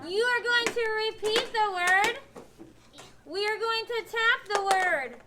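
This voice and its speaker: A woman teacher with a North Missouri accent. She gives children firm, clear, step-by-step spelling directions in a classroom. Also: very high-pitched, slow. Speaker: elementary school teacher. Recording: classroom recording with background noise.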